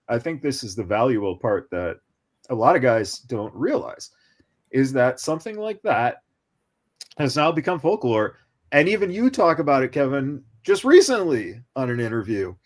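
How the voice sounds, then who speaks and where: A man's voice: mid-range voice, big pitch swings, normal speed. A man co-hosting a podcast in casual chat, rambling with lots of fillers. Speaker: co-host.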